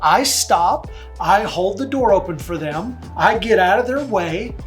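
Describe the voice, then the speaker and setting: A man's voice: high voice, animated, measured pace, faint music behind. A man working as a real estate agent, from Texas, speaking in a casual, chatty vlog style with fillers and asides. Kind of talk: casual talking-to-camera vlog.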